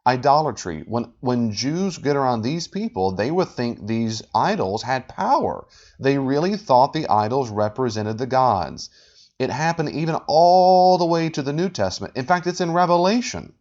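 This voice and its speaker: A man hosting a podcast, talking with animated, sarcastic exasperation as he rebuts a video. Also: medium pitch, normal speed. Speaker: podcast host. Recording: dull lo-fi audio.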